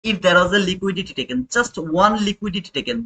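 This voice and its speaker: Speaking fast in a high, bright, pushed voice, a young trading livestream host talks casually to his chat and keeps restating what he means. The recording is rough.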